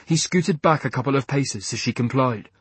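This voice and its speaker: Man narrating in a husky voice. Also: mid-range voice, no echo. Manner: measured, even storytelling. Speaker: audiobook narrator. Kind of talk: scripted narration.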